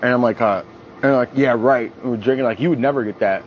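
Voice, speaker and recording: A young man chatting casually with a group and recounting wild nights out. His tone is crude and lively, and he jumps up in pitch whenever he acts out what someone said. A faint hiss of room noise sits under his voice. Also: quick pace, muffled recording. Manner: animated, profane, acts out quotes in a raised voice. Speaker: reality show contestant. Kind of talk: casual storytelling.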